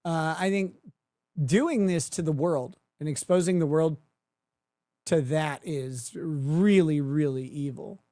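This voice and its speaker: A man's voice: on the high side, slow, dark tone, a little hiss or hum. A man hosting a livestream, giving crude, mocking commentary and laughing at his own jokes. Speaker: livestream host.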